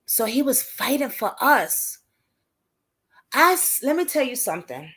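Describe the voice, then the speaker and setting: Her husky, slightly bright voice runs on the high side, with a sing-song lilt and a measured pace. She's a young woman from Brooklyn, New York, hosting a casual advocacy livestream, speaking with a Brooklyn accent and calling out viewers by name in an emphatic, indignant manner.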